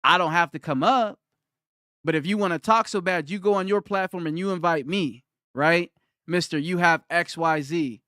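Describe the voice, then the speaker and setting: A man streaming live who fires back at his chat, combative and mocking, repeating himself for emphasis. His voice sits high for a man, with a smooth, clean tone. The sound is dry and close. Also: moderate pace, pushed and bright, no echo. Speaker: livestreamer. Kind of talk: livestream rant answering chat.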